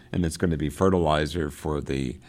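A man reading passages of a novel aloud slowly and with emphasis, then commenting on them in a halting way with many fillers and restarts. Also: rumbling low. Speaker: literature teacher reading and discussing a novel.

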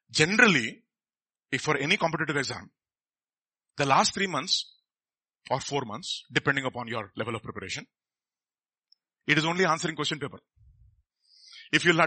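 A man's voice: a little high, lively intonation, moderate pace, long pauses, bright, forceful tone, husky. A middle-aged man, preaching a sermon in a conversational way and often asking the congregation questions.

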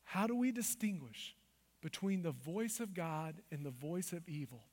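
A high-voiced man preaching a sermon in a large hall with a long, ringing reverb. He moves between quiet, intimate asides and loud, driving declarations. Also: expressive, normal speed. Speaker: pastor.

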